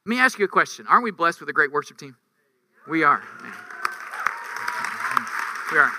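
A man's voice: a little high, very animated, fast, over a noisy crowd, heavy background noise. A man preaching a conversational sermon, reading scripture aloud and driving points home with rhetorical questions and emphatic peaks. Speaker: campus ministry preacher.

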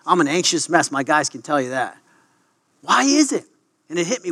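Bright-voiced, excitable preaching coach man. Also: on the high side, slightly rough. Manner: excitable, stumbling restarts and quick asides. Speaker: wrestling coach. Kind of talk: devotional talk to a sports team.

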